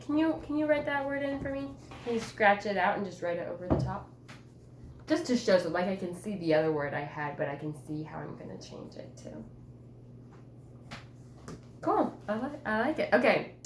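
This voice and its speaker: A woman teacher coaching a student one-on-one, with a patient, encouraging manner and lots of coaxing questions. Her pitch moves in a lively, animated way. She sounds a little distant in a roomy, echoing school room. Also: background noise. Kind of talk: one-on-one writing conference with a student. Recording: roomy echo.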